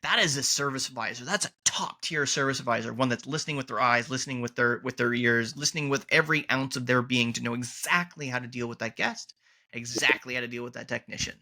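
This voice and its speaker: Bright-voiced man hosting a podcast. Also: medium pitch, quick pace. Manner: emphatic, repeats key points for stress. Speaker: podcast host. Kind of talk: conversational interview.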